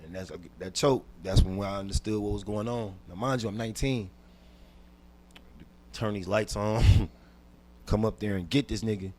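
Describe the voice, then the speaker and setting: A man, a comedian guest on a podcast, telling a personal story intensely and dropping from hushed to loud, with frequent repeats and restarts. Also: on the low side. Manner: repeats words and restarts while recounting.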